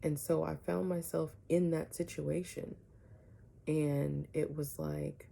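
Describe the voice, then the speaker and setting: A woman vlogger telling a personal story to her viewers, animated, often asking "right?" and dropping some words to a whisper. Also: sits low, slow pace, vocal fry.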